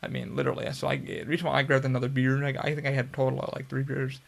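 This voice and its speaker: Gravelly-voiced man telling a rambling story. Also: medium pitch, rapid-fire. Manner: profane, rambling, laid-back. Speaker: podcast host. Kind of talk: casual storytelling.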